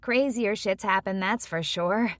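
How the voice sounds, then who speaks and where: A woman's voice: mid-range voice, a little slow, no room sound, studio quality, natural voice. A woman voicing a bold, brash young escort who talks in a sassy, cheeky way. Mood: teasing.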